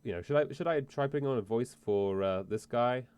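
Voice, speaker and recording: A man's voice: medium pitch, brisk, darkish tone, clear, resonant tone. A man streaming a game, chatting casually in a rambling, profane, self-interrupting way. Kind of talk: casual let's-play chat.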